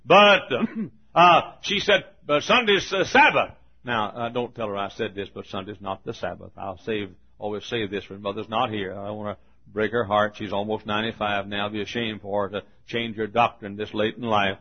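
An older man tells stories in a folksy sermon, chuckling often and restarting his sentences. His voice is on the low side, brisk, and flatly delivered. The sermon recording is dull and lo-fi.

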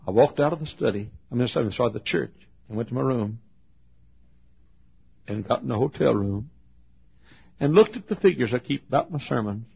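An older man, a pastor, preaching a sermon with a loud voice and lively storytelling. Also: medium pitch, normal speed, creaky, pauses often, breathy edge. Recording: dull lo-fi sermon recording.

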